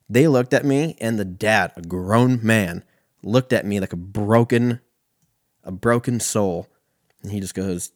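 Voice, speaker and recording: A young man from California telling a profane, animated stand-up story. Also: fairly low pitch, a little slow, dry recording, clean studio sound. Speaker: comedian.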